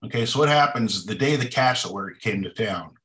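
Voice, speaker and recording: A man's voice: fairly low pitch, animated, fairly quick, pushed and bright. Man, workshop participant, casual and jokey, video call. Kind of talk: presenting his comic.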